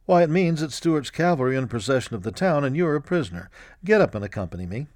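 A man's voice: medium pitch, big pitch swings, quick pace, a little mellow, dry recording, studio quality, lightly acted. A man voicing a stern male cavalry commander who gives cool, clipped commands.

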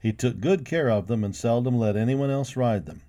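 A man reads a western children's story aloud with a warm, mellow tone. He narrates at an ordinary pitch and gives the characters voices as he goes. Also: moderate pace. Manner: lively, voicing each character.

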